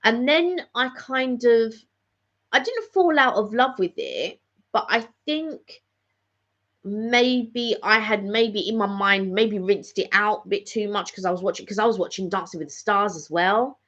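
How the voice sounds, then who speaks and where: A woman's voice: mid-range voice, a little slow, a bit bright. A middle-aged woman, chatting casually and rambling in a live catch-up vlog, often repeating phrases. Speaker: vlogger hosting a live catch-up. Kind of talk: casual chat. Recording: dull lo-fi recording.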